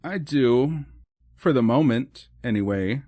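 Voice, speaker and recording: A man's voice: mid-range voice, expressive, takes it slowly, warm tone, no room sound, studio quality, pitched above the performer's own voice. A man voicing a lonely, proper older woman in an audiobook, formal and hesitant in speech. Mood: wistful, formal. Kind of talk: audiobook character voice.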